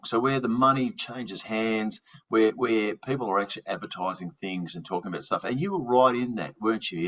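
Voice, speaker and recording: A man's voice: lowish voice, fairly bright tone. A man with an Australian accent, hosting a podcast and chatting casually, often restarting his words. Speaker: podcast host. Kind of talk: casual interview chat. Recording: dull lo-fi sound.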